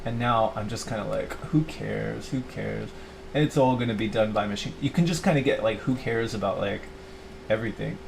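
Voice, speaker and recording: A man's voice: lowish voice, a little fast, vocal fry, a little hiss or hum. Rambling middle-aged man venting to camera. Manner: rambling, full of "like" and restarts, self-pitying; quotes himself in mock voices. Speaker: YouTuber. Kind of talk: rambling confessional monologue.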